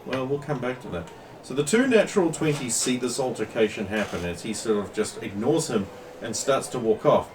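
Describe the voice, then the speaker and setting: A man's voice: mid-range voice, expressive, brisk, recorded from a distance, background noise. A man running a tabletop role-playing game as game master, narrating in a casual, rambling way.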